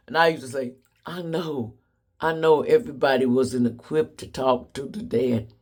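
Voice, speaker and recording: A vlogger with a medium-pitched voice tells comedic stories to the camera at an unhurried pace. His casual storytelling is sassy and blunt, and he laughs often.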